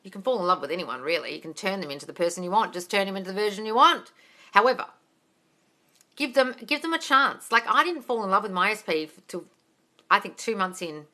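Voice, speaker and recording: A woman's voice: medium pitch, lively intonation, fast talker, pushed and bright. A woman coaching viewers on a live stream, reading out their comments and answering bluntly, swearing casually and calling them darling.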